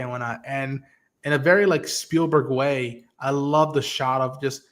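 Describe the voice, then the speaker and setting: A man's voice: medium pitch, fairly even intonation, moderate pace, fairly bright tone. A man hosting a podcast livestream, talking casually and animatedly, swearing and acting out characters' lines as he recaps. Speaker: podcast host. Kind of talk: casual livestream talk about an episode.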